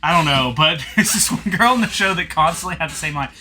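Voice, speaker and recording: Lively, laid-back man at the game table. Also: fairly high pitch, fast talker, a little hiss or hum. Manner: laid-back, slangy, laughing often. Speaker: player. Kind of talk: casual chat and in-character play.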